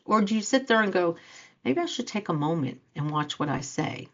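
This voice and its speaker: Woman, life coach, motivational talk, earnest, acts out reactions, lowish voice, muffled lo-fi audio. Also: lively intonation, fast. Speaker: life coach and show host. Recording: dull lo-fi sound.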